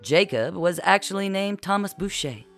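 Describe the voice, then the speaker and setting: An audiobook narrator reading a comic historical story with a wry, even delivery. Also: medium pitch, moderate pace, faint music behind. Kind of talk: scripted narration.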